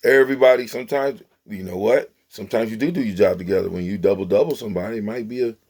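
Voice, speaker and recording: Male football commentator, low and gravelly, exasperated and emphatic, lecturing the players. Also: fast talker, darkish tone. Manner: preachy, emphatic, exasperated, talks to players directly. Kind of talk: animated sports commentary vlog.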